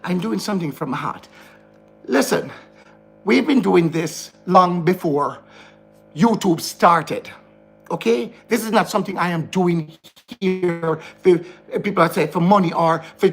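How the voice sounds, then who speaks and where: Indoors, a vlogger with a Jamaican accent rants to camera in a heated, frustrated monologue, repeating himself. His high voice is slightly rough, with vocal fry.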